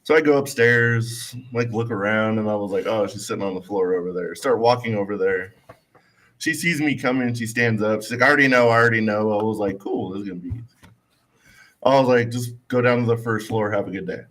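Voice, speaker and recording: A man's voice: fairly low pitch, a little fast. A man telling a casual, laid-back story on a talk show, acting out the people he quotes. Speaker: co-host telling weekly stories.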